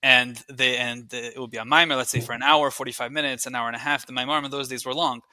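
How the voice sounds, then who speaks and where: Man, podcast guest, quick storytelling, frequent restarts, Yiddish and Hebrew terms, dry close sound. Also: medium pitch, fairly even intonation, bright, forceful tone, dry recording. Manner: eager, with frequent restarts and repeated words. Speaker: guest, researcher and writer. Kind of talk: storytelling history in conversation.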